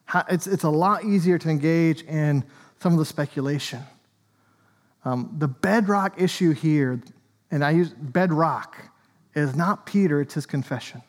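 A man's voice: a little high, unhurried, long reverb tail. A man, an Anglican priest, preaching a sermon in a conversational way with joking asides. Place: church.

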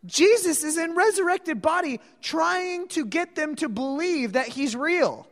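A woman's voice: very high-pitched, lively intonation, measured pace, few pauses. A woman preaching a sermon, telling the story dramatically and acting out the voices of the people in it. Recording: long reverb of a large hall.

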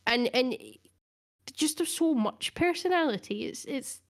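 A woman's voice: high-pitched, lively intonation, measured pace. Earnest woman in casual podcast chat. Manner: earnest, thoughtful, laughs often. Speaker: podcast co-host.

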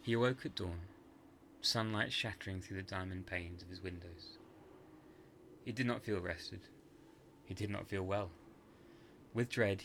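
Deep-voiced man narrating a dark tale. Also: a little hiss or hum. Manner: measured, hushed dramatic storytelling. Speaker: podcast narrator. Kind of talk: scripted horror story narration.

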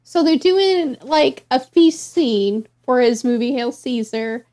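A woman's voice: high-pitched, slow, darkish tone. A woman co-hosting a casual chat, jumping in with details and laughing often. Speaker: podcast co-host. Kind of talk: casual chat about a film.

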